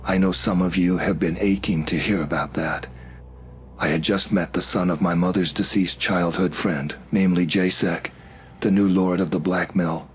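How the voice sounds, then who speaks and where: A man narrating a first-person horror story in a steady, measured way. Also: sits low, slight background noise. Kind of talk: scripted narration.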